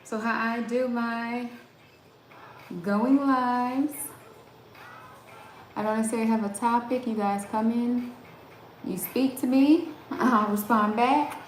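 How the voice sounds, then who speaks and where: A woman's voice: a little high, steady tone, slow pace, long pauses, roomy sound, a little hiss or hum. A woman with a Southern American accent, hosting a casual live stream and chatting with viewers, greeting them by name and laughing often. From Southern United States.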